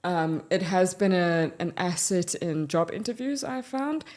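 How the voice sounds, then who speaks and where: A woman from South Africa with a South African English accent, co-hosting a podcast and talking frankly and in a measured way about her own experience. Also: fairly low pitch, lively intonation, darkish tone. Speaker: podcast co-host. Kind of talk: candid conversational podcast chat.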